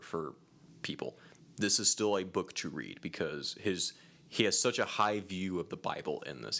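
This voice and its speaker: A man co-hosting a casual podcast, chatting animatedly and reading a long passage aloud. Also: sits low. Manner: animated, lively, reads a long quote aloud. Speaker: podcast co-host.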